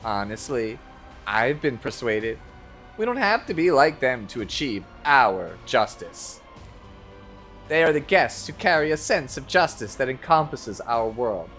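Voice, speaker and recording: A man voicing a calm, principled young knight in a live game dub, reading in a measured, lowered, sincere way. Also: faint music behind. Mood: earnest. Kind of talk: amateur game voice-over read live on stream.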